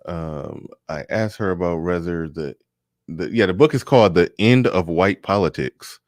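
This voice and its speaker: A man hosting a casual chat, relaxed and amused, moving the show along. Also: deep voice, normal speed, no echo, studio quality. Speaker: host.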